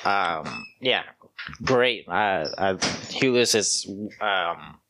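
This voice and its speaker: A man's voice: sits low, expressive, extremely slow, noisy background. A man hosting a casual podcast chat about music, rambling with many fillers and humming bits of songs. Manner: rambling, hums and sings song snippets. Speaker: podcast host.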